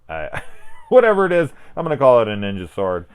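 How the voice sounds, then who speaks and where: A man's voice: mid-range voice, huge pitch swings, a little fast, smooth. A man in his forties, a film reviewer giving a casual spoiler talk, tired and fighting off yawns late at night, rambling and swearing as he goes. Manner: rambling, profane, self-interrupting. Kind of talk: casual one-take spoiler discussion.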